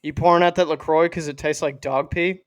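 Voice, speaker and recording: A man's voice: fairly high pitch, steady tone, fairly quick, clean tone, no echo. Teasing podcast guy, dry close sound. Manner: teasing, goofy banter. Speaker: podcast co-host. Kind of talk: casual chat.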